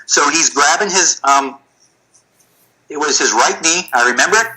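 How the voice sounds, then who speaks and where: A middle-aged man, a physical therapy clinic owner, telling stories in a casual, animated way. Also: fairly high pitch, moderate pace, rough recording. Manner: animated, storytelling with acted-out quotes. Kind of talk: casual storytelling chat.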